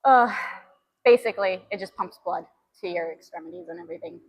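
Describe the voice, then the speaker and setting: A young woman with a fairly low, husky voice streams her gym workout, chatting casually and a little breathlessly between sets. She speaks fairly quickly and restarts her sentences, and the recording is rough.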